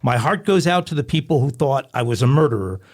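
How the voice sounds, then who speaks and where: A man's voice: mid-range voice, lively intonation, quick pace, a little mellow. A man co-hosting a crime podcast, reading a funny news story in a mock-dramatic storytelling way. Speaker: podcast co-host.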